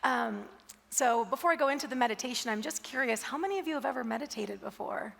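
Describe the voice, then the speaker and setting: Woman keynote speaker, husky gravelly voice, a bit high, echoey big hall. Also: fast talker. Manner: animated storyteller who laughs and asks the audience questions. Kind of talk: motivational keynote talk. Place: conference stage. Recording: reverberant hall.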